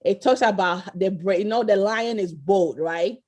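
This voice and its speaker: A woman leads an interactive online lesson over a video call, with a voice of middling pitch. She is encouraging and keeps quizzing the group. She tags her points with quick checks like "right?" and "okay?". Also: a little mellow. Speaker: virtual tour presenter.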